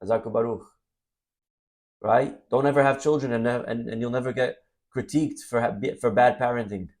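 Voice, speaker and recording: A man's voice: medium pitch, normal speed. A man teaching as a rabbi, delivering a sermon full of acted-out stories and sudden bursts of energy. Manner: animated storytelling, acts out scenes. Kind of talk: Torah class sermon.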